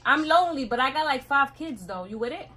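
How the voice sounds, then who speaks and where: A young woman from New York, loud and bubbly, teasing strangers on a video chat. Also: high voice, lively intonation, quick pace, very noisy. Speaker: YouTuber co-host. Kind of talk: casual prank video chat.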